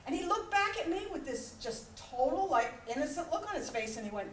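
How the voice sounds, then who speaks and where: High-voiced woman telling lively stories. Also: fast, few pauses, noisy background. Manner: animated storytelling, acting out voices and laughing often. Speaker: conference speaker. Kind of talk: motivational keynote talk. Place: large conference hall. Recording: echoey hall recorded from far off.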